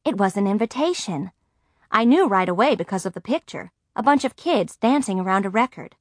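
Expressive woman narrating an audiobook. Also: medium pitch, brisk, no room sound, clean studio sound. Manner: lively, expressive storytelling. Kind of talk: first-person audiobook narration.

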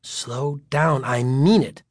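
A man voicing an excitable mother who scolds and worries over her family. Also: sits high, moderate pace, dry recording, clean studio sound, voice pushed up. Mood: fussing. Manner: bright then scolding.

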